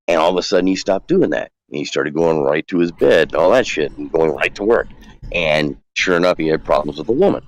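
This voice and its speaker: A man's voice: deep voice, dry recording, rough recording. A man telling a long, rambling story on a talk show as a guest, acting out the quoted dialogue. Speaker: guest calling in. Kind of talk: casual storytelling.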